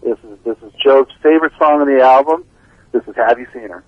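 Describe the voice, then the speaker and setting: Laid-back man calling in over a lo-fi phone line, slightly husky. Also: medium pitch, fast talker, dry recording. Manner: laid-back storyteller, laughs often. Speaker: band bassist, interview guest. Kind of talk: casual phone interview. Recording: dull lo-fi phone call.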